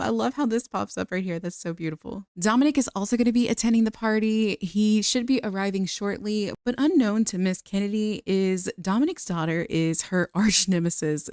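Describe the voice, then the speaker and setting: A woman's voice: mid-range voice, smooth, no room sound, clean studio sound. Chatty woman gushing over gameplay. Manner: chatty and gushing, laughs often. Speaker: let's play creator. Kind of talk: casual gameplay commentary.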